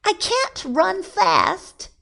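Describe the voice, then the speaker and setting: A woman doing a squeaky greedy storybook rabbit. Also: very animated, extremely slow, gravelly, a bit bright, full character voice. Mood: whiny. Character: greedy young male rabbit, excitable.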